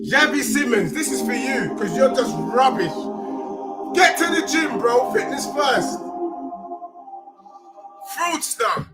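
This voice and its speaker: A man ranting heatedly about football in street slang, often shouting. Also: extremely high pitch, lively intonation, slow pace, pauses often, loud music behind the voice. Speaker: football fan channel host. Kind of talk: angry fan rant with sung parody.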